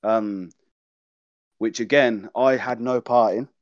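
He speaks slowly, with a fairly low pitch and steady tone. A young man and childhood friend on as a guest, he shares school stories casually, mimicking the voices he quotes and cursing freely, in a dull lo-fi recording.

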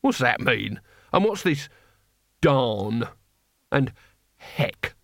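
A man voicing a crude, belligerent old male barbarian, gruff and growling. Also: mid-range voice, very animated, drawn-out words, fairly bright tone, no echo, studio quality, exaggerated voice. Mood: scornful.

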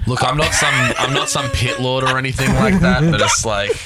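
A man's voice: mid-range voice, lively intonation, brisk, a loud crowd. A man in casual podcast chat, joking and teasing, laughing often.

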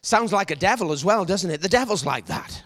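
A middle-aged man preaching a sermon as an evangelist, with shouted, emphatic lines. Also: high voice, expressive, brisk.

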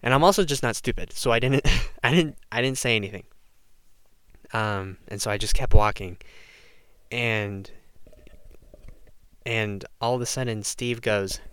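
A teenage boy telling a high school story in a casual rant, packed with "like" and sudden mock shouts. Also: measured pace, long pauses, smooth, no room sound, studio quality. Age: teens. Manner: animated, lots of "like", mimics others with shouts.

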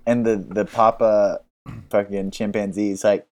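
A young man co-hosting a casual movie podcast, animated and laughing, often acting out characters. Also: fairly low pitch, a little slow. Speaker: podcast co-host. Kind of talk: casual chat.

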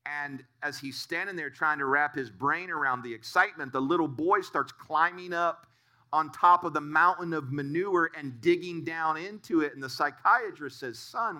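Bright-voiced male pastor preaching. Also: fairly high pitch. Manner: storytelling, earnest. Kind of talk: sermon.

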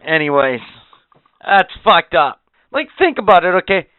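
A man's voice: high voice, sing-song, normal speed, no echo. Ranting profane man, tinny phone-like line. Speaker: podcast co-host. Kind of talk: casual chat. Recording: tinny phone-like sound, dry.

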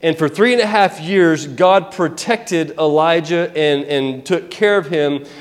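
High-voiced man preaching in an echoing hall. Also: unhurried. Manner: animated, conversational, with restarts and asides. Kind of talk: sermon storytelling.

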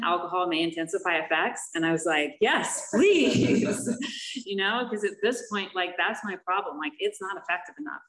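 Woman sharing a recovery testimony, halting and frank, fillers and wry laughs, slightly low voice. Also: fairly bright tone. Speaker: speaker sharing her recovery story. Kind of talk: personal testimony. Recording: echoey room, voice from a distance.

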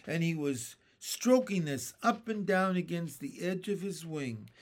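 A man reading a children's book aloud chapter by chapter, in a slow, lively storytelling manner. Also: fairly high pitch. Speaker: storybook reader.

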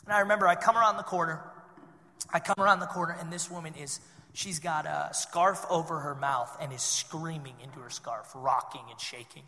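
A man preaching a sermon as pastor, telling a story in a conversational way with animated bursts. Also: fairly high pitch, a little fast, long reverb tail. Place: church sanctuary.

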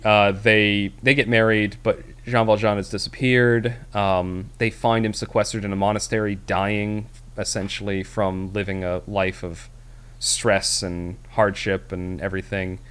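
A low-pitched man chatting casually as a podcast co-host, recapping a film. He rambles, trails off and restarts often, filling gaps with "um" and "like.". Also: fairly bright tone. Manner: rambling, many fillers and restarts. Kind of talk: casual movie review chat.

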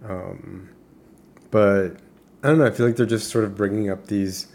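A man's voice: on the low side, steady tone, moderate pace, creaky, darkish tone. A man co-hosting a podcast, chatting casually about music in an easygoing way, with short replies and laughs. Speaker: podcast co-host.

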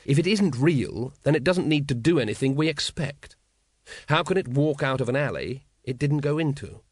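A man voicing a weary, dogged male watch captain with flat, wooden official replies in an audiobook. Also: mid-range voice, moderate pace, slightly rough, dry recording. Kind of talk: audiobook character voice.

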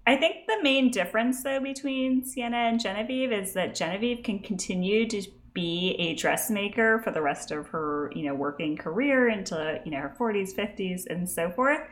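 A woman's voice: medium pitch, lively intonation, normal speed, few pauses. A woman co-hosting a podcast, giving her views on a TV show in a direct, opinionated way. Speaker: podcast co-host. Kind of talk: casual chat about a TV show.

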